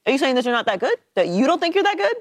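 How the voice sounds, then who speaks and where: A woman co-hosting a sports talk show, laying out a measured, reasoned argument. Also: sits high, sing-song, no room sound. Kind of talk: sports debate.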